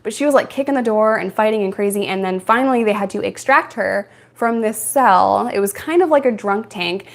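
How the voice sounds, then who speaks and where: A young adult woman from New York, hosting a casual live-stream Q&A and telling stories frankly, with frequent laughs. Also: medium pitch. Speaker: live-stream host answering viewer questions.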